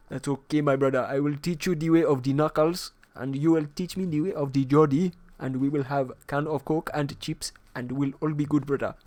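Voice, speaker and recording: A man's voice: fairly high pitch, fairly even intonation, normal speed, darkish tone, lightly acted. A man putting on a swaggering Liverpool lad. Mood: matey. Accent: mock Liverpool. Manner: swaggering, swearing, rambling. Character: rowdy Liverpool lad telling a pub brawl story.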